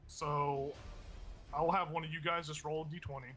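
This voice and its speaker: A man's voice: fairly high pitch, flat delivery, normal speed, sharp tone, soft background music. A man acting as game master, explaining the rules at length with many fillers. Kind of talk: running a tabletop game.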